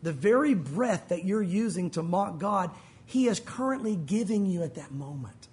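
A male pastor preaching to his congregation with real passion, calling them "guys" as he goes. His voice sits high for a man. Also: expressive, normal speed, a little mellow, slight background noise. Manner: passionate, talks to listeners as "guys". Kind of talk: sermon.

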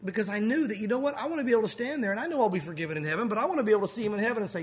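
A man with a high-pitched voice delivers a sermon from the pulpit. He preaches earnestly and steps into the voices of the people in his story now and then. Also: lively intonation, very fast. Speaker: pastor.

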